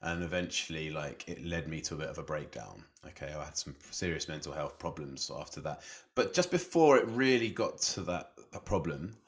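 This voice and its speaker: A man's voice: extremely low pitch, lively intonation, fairly quick. A man telling his story casually as a podcast guest, chatty and self-deprecating, laughing often and leaning on "you know".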